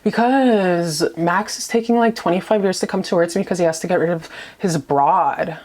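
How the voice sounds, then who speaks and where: A woman's voice: fairly low pitch, normal speed, a little mellow, close to an everyday voice. A woman voicing a fed-up tarot-card horse venting. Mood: frustrated. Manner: blunt, exasperated venting.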